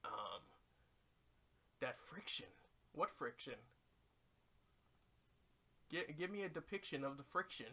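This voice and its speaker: Young man, game streamer, goofy chatter, bright voice, unhurried. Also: a little high, big pitch swings. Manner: goofy, chatty, laughs often. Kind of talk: casual gaming commentary.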